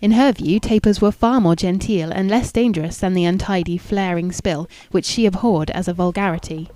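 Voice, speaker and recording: A woman narrating a classic novel in a measured, even and formal reading. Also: fairly low pitch, no echo. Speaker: audiobook narrator.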